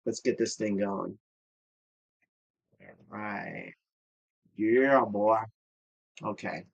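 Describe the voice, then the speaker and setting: A middle-aged man with a Midwestern American accent, hosting a casual cooking show as a gruff, profane curmudgeon. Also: lowish voice, steady tone, slow pace, lo-fi sound.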